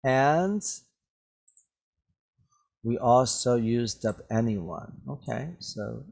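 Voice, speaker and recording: A man teaching an English vocabulary lesson at a very slow, unhurried pace. His voice sits at an ordinary middle pitch, and he keeps stopping to ask "right?" and "okay?" so that each point lands before he moves on. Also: animated, gravelly, a little mellow. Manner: slow, patient, checks understanding with "right?" and "okay?".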